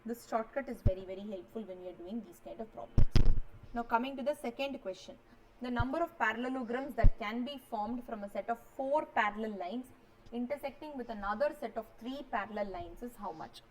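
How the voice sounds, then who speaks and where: A woman's voice: on the high side, slight background noise, poor audio. A woman, teaching a maths revision lecture and walking students through each step, often checking they follow. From India.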